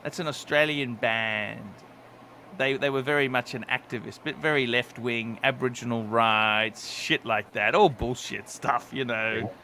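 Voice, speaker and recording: Bright, blunt male livestream host. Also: mid-range voice, a little slow, slight background noise. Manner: blunt, crude and dismissive. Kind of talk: casual chat.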